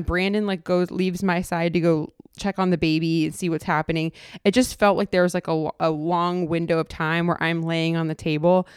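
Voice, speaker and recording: Young woman telling her birth story, lower voice, smooth and close, lots of likes and restarts. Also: fairly even intonation, normal speed, dry recording. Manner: emotional, many fillers and restarts. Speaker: podcast host. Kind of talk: personal storytelling.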